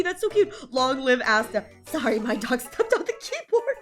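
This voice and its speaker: A woman's voice: high voice, sing-song, moderate pace, fairly bright tone, soft background music. A woman streaming a video game, teary and sniffly from crying, gushing over and over about how sweet the story is. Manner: gushing, effusive, repeats "so sweet". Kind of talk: live game commentary, reading dialogue aloud.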